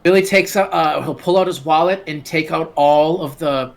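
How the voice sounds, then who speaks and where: A player at a tabletop game, casual, deadpan and joking, swearing often. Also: mid-range voice, normal speed, gravelly.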